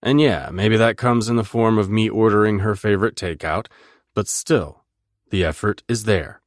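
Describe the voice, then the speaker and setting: Male audiobook narrator, deep voice, intimate and measured, dry booth sound. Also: dry recording. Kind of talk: first-person romance narration.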